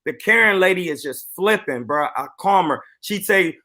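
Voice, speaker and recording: A boxing coach telling a story on a live stream in an animated, boastful way. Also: male voice, sits high, moderate pace, hardly any pauses.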